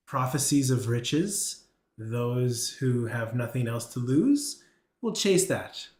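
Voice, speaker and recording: A man voicing a seductive, scheming woman who runs a brothel, speaking in a smooth, suggestive, businesslike way, recorded in a roomy echo. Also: medium pitch, a little mellow, lightly acted.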